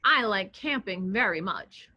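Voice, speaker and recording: A woman voicing a big, gentle male monster who keeps apologizing in a storybook read-aloud. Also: mid-range voice, animated, unhurried, no room sound, pitched below the performer's own voice, exaggerated voice. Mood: apologetic. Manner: sorry and earnest.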